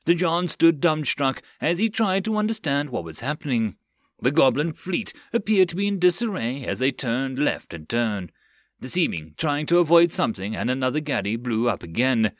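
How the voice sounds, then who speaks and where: A man's voice: medium pitch, dry recording, clean studio sound. A man narrating an audiobook of a web novel with dramatic storytelling.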